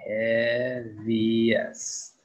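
A young adult man teaching an English grammar lesson, slowly stretching out key words as he models them for students. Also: mid-range voice, level tone, low-quality recording.

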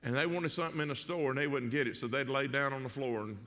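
A man's voice: medium pitch, quick pace, bright, forceful tone, big-room sound. A man with a Southern US accent preaching a sermon as pastor, folksy and conversational, with rhetorical questions and jokes. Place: church sanctuary.

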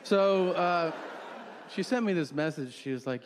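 A man in his forties doing a crude, deadpan stand-up comedy set on a theater stage, acting out quotes in his stories. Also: fairly high pitch, normal speed. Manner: brash, crude, deadpan storytelling with acted-out quotes.

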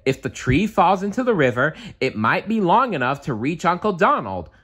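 A man voicing an earnest young duck nephew from a storybook, far higher than his own voice. He sounds eager and helpful. The pitch leaps about in lively swings. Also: normal speed, breathy edge, exaggerated voice. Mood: urgent.

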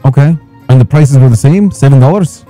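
A man's voice: mid-range voice, fairly quick, mellow, faint music behind. A man in a crime-city roleplay, placating and incredulous as he questions a business partner over the phone. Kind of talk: in-character phone negotiation.

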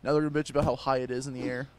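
In a clean, medium-pitched voice with a level tone, a man rattles off rapid-fire commentary while playing a game. This gaming YouTuber jokes crudely, mocks the characters on screen, and laughs frequently.

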